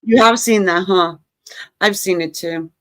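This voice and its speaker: A woman's voice: lowish voice, unhurried, fairly bright tone, dry recording, low-quality recording. A woman giving a casual tarot reading, joking and sarcastic, swearing and laughing often. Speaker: tarot reader.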